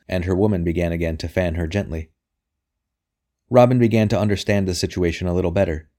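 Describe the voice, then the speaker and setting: A man narrating a novel as an audiobook reader, in a steady, even delivery. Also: deep voice. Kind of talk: scripted narration.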